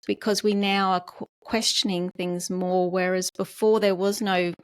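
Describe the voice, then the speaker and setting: A woman's voice: mid-range voice, level tone, measured pace, clear, resonant tone, dry recording, clean studio sound. Reflective woman podcast host. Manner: reflective, thoughtful, with soft affirming murmurs. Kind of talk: podcast interview conversation.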